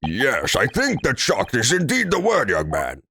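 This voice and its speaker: A man voicing a stately courtroom judge in a game, speaking formally and gravely. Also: mid-range voice, huge pitch swings, unhurried, bright, forceful tone, soft background music, exaggerated voice.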